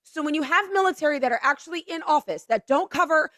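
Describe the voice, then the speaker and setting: Woman co-host, blunt and emphatic, high voice, dry close sound. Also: lively intonation, quick pace, pushed and bright, no room sound. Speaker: talk show co-host. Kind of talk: casual political talk show.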